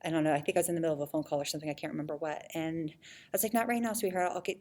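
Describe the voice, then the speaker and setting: A woman's voice: sits low, flat delivery, rapid-fire, darkish tone. Chatty woman addressing parents. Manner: chatty, laughs often, many fillers. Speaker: children's ministry leader. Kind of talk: casual video message to parents.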